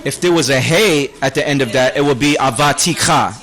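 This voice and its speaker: A man's voice: mid-range voice, a little fast, a bit bright, faint music behind. A man teaching a beginner Hebrew class, quizzing students on words and joking with them in a casual way. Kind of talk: classroom lesson.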